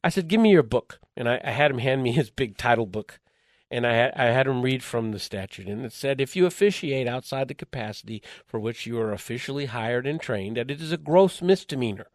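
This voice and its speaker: A man being interviewed, telling a story in lively conversation, acting out the voices in his quotes and chuckling along the way. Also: medium pitch, a little fast, no echo, clean studio sound. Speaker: interview guest.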